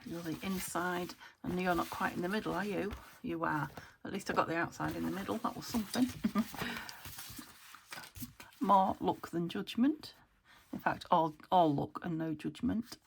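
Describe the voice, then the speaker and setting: A British woman with a fairly low, gravelly voice talks at a normal speed against a noisy background. Demonstrating how to make a junk journal, she thinks aloud and chuckles, often muttering half-whispered asides to herself in this chatty crafting tutorial.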